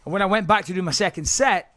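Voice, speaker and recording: A man in his thirties with an English accent, a podcast guest telling stories in casual, profane, animated talk that repeats phrases when he gets excited. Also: high-pitched, quick pace. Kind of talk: casual storytelling.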